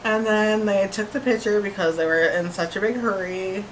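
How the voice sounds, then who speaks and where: A young woman eagerly telling a casual story, animated and laughing as she goes. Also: medium pitch, fairly quick, slight background noise, rough recording. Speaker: concert-goer. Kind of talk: casual chat.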